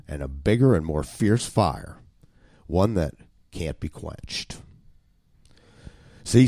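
A man's voice: low-pitched, a little mellow, dry recording, studio quality. A man preaching an expository sermon, emphatic and wry, with sudden jumps in emphasis.

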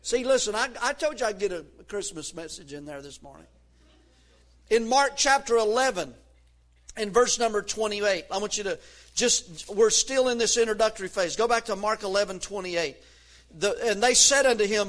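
High-voiced fervent man preaching. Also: lively intonation, moderate pace. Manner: fervent preaching with shouted peaks. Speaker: pastor. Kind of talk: sermon.

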